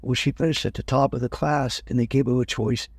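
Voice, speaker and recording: An older man, a guest in an interview, telling rambling personal stories in a relaxed conversational way and often correcting himself mid-sentence. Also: medium pitch, brisk, slightly rough, no room sound, clean studio sound. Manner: rambling, self-correcting anecdotes.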